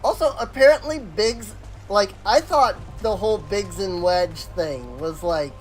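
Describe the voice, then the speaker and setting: A game streamer giving casual, rambling let's-play commentary, chatty and quick to laugh. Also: mid-range voice, faint music behind, low-quality recording.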